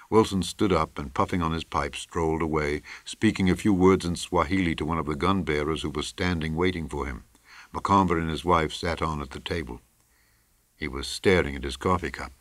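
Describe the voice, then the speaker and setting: A man reading a literary short story aloud as an audiobook narrator, measured and even. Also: very deep voice, no echo.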